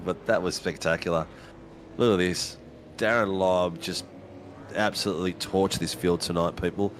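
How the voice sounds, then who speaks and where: A man's voice: low voice, normal speed, a little hiss or hum. A man as a casual co-commentator, chatty and loose, calling his partner mate and filling gaps with ums. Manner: relaxed and chatty, says mate, many ums and uhs.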